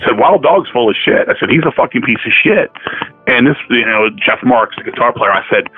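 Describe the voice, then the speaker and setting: A man telling stories in a casual chat, profane and animated, acting out the dialogue of the people he quotes. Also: mid-range voice, brisk, slightly rough, faint music behind. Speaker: podcast guest, metal musician. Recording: tinny phone-line audio.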